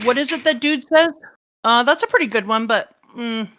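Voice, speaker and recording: Bright-voiced enthusiastic mother co-hosting. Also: a little high, moderate pace, slight background noise. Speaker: co-host, streamer's mother. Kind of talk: casual livestream chat.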